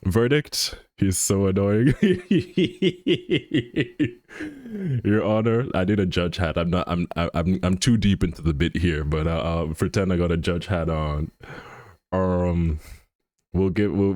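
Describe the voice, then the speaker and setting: A man's voice: deep voice, takes it slowly, a little mellow, no room sound, clean studio sound. A man chatting on a live stream in a rambling, joking way, full of fillers and restarts, often laughing. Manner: laughs often while talking. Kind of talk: casual chat on a live stream.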